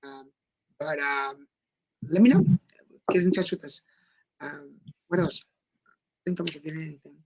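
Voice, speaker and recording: A man co-hosting a casual talk show livestream, easygoing and slowing down to spell out details. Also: a little high, fairly even intonation, gravelly, a little mellow, dull audio. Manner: easygoing, slows down when promoting. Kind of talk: casual chat. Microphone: livestream setup.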